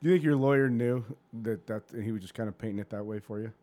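A man's voice: fairly low pitch, quick pace, mellow. A man hosting a casual podcast chat who asks questions and reacts with profane enthusiasm.

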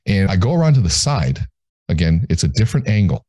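A man, a guest in an interview, telling a story in a measured way and slowing down to stress his points. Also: low-pitched, sing-song, dark tone, husky, no room sound.

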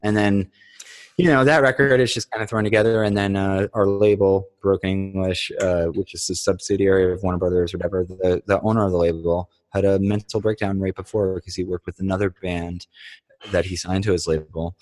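Deep-voiced rambling musician man. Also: level tone, brisk. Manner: rambling, full of "like" and swearing. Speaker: touring band musician, guest. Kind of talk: casual storytelling chat.

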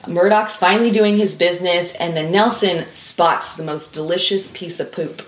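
A woman co-hosting a live stream, telling a story in a casual, animated way with laughter and swearing. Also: lowish voice, normal speed, echoey room, slight background noise. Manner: animated, laughing, swearing, bursts into little screams.

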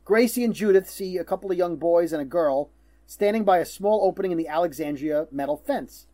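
A man's voice: high voice, a little fast, mellow. A middle-aged man hosting a podcast, telling stories in a teasing, casual way with plenty of fillers. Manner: storytelling, teasing, stumbles on fillers. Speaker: podcast host.

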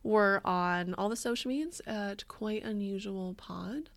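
A woman's voice: medium pitch, unhurried. A woman co-hosting a podcast in casual chat, playful and jokey. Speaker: podcast co-host.

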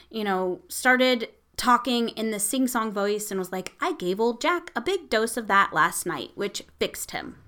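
A woman hosting a show tells a spooky story in a rambling, chatty way, full of fillers and the occasional casual curse. Her voice is mid-range with a sharp tone.

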